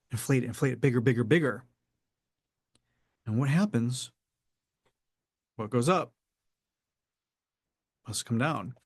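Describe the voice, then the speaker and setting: A man giving a reflective coaching talk, measured and often acting out what people say. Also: mid-range voice, a little mellow, dry recording, clean studio sound. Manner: measured, acts out quoted people. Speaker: spiritual coach.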